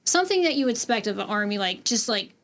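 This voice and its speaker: A woman's voice: a little high, big pitch swings, fast talker, a bit bright. A middle-aged woman, a retired military bomb technician, telling blunt and salty stories as a podcast guest and laughing as she goes. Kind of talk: casual interview storytelling.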